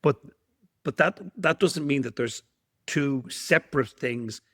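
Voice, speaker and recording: A man interviewing a colleague, talking in a thoughtful, halting way and often repeating words. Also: medium pitch, a bit bright, no room sound, studio quality. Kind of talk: casual chat.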